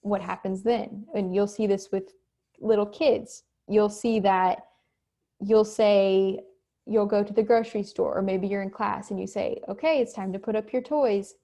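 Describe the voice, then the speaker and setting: Woman, instructor, mellow voice, chatty online lecture from home, acts out examples. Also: mid-range voice, steady tone. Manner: conversational, acts out quick examples. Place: home, cat nearby.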